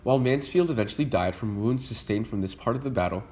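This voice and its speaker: A young man imitating an upbeat male online history video host, lecturing briskly and cheerily. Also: medium pitch, dark tone, slight background noise, natural voice.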